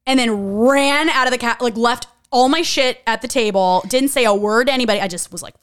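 A young adult woman telling a personal story in a casual, animated way. She talks chattily, swears freely and says "like" a lot. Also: on the high side, brisk, clean tone, dry recording, clean studio sound.

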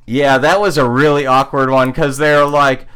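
A man's voice: medium pitch, little pitch movement, normal speed, fairly bright tone, clean tone. A man telling a rambling story among friends, full of "like" fillers and bursts of laughter. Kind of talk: casual chat among friends.

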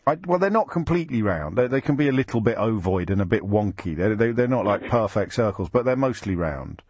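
Man hosting a lively radio phone-in. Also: lowish voice, husky, no echo, studio quality. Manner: quick, teasing banter with callers. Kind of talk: live radio phone-in chat. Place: radio studio. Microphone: studio microphone.

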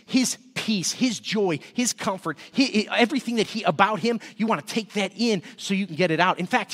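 High-voiced pastor preaching in a reverberant hall. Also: male voice. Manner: energetic, repeats words when excited. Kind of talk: sermon. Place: church service.

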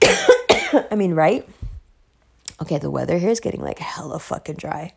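A woman's voice: fairly low pitch, huge pitch swings, normal speed, gravelly, slightly rough. A woman hosting a podcast in a casual, rambling monologue, blunt and emphatic, swearing heavily. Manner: loose, rambling asides. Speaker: podcast host.

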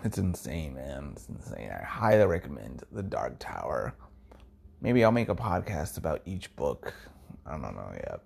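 A man's voice: a bass voice, very animated, moderate pace, gravelly, darkish tone, husky. A man hosting his own podcast, musing casually and enthusiastically in a rambling way that often trails off, at times dropping to a near-whisper. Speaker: podcast host.

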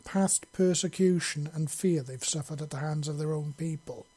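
A man reading an audiobook, voicing a steady male clan patriarch who speaks in a measured, persuasive way. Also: on the high side, slightly rough.

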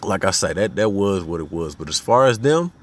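Deep-voiced and fairly quick, with lively intonation, this man hosts a podcast in an Arkansas Southern accent. Hailing from Little Rock, he tells personal stories casually, full of slang and "you know what I mean."

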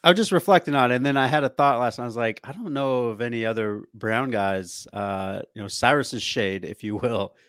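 Relaxed slangy young man. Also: medium pitch, a little fast, hardly any pauses, dry recording, studio quality. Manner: relaxed, laughs easily, slangy. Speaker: podcast co-host. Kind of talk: casual chat.

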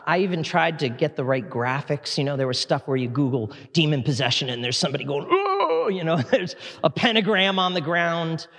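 High-voiced preacher in a reverberant hall. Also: male voice. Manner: animated, conversational preaching with dramatic readings. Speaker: pastor. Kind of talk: sermon. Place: church sanctuary.

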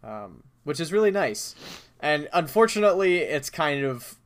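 A man's voice: fairly high pitch, big pitch swings, normal speed. Man, podcast co-host, casual chat, filler-heavy, laughs easily.

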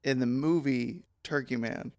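A man co-hosting a comedy podcast, deadpan and mock-apologetic as he jokes with his partner. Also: mid-range voice, measured pace, no echo, studio quality. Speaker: podcast co-host. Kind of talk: casual comedic banter.

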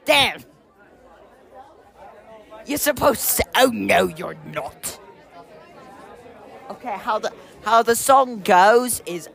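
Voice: medium pitch, lively intonation, slow pace, creaky, pauses often, a bit bright, some chatter behind. A vlogger chatting casually, joking and teasing friends while wandering a busy public building. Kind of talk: casual vlog chat.

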